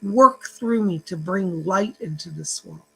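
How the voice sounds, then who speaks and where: A man's voice: high voice, unhurried, creaky, sharp tone, breathy edge. A man who works as a psychic, giving an earnest, uplifting spiritual vlog message and retelling a phone call. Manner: preachy, uplifting address to viewers.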